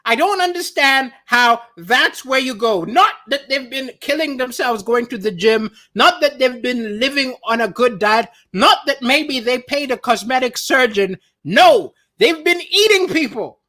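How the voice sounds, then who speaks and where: A male comedian hosts a casual livestream from home, reading viewer comments aloud and riffing on them. His delivery is animated and playful, and his voice jumps up in pitch for emphasis. It sounds like a webcam or phone mic in an indoor room. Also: measured pace, few pauses.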